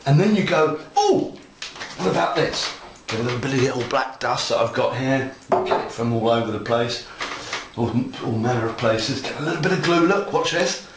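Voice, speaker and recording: Speaking briskly in a mid-range voice, this model railroad hobby instructor chats his way through a hands-on tutorial. He's playful and enthusiastic with viewers, and the room around him echoes a little, with some faint noise.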